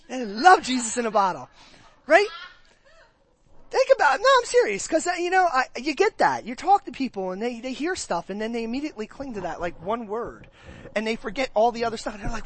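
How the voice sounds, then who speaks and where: A pastor preaching a conversational sermon to a church, asking the congregation questions and acting out their reactions. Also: mid-range voice. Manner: animated, acts out listeners' reactions in quick put-on voices.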